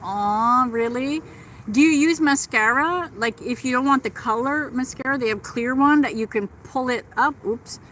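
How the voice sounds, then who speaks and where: Middle-aged woman hosting a livestream, chatty and gushing; keen, bright, slightly high voice; outdoors on a handheld phone, faint noise behind. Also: normal speed, rough recording. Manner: chatty and gushing, reads out and answers chat. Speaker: livestream host. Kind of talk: casual live chat with viewers. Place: outdoors in a park.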